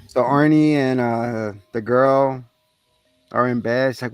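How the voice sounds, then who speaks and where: A man's voice: mid-range voice, fairly even intonation, takes it slowly, smooth, no echo, faint music behind. A man hosting a podcast, casually recapping a movie scene by scene, swearing freely and acting out the characters' lines in a raised voice. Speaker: podcast co-host.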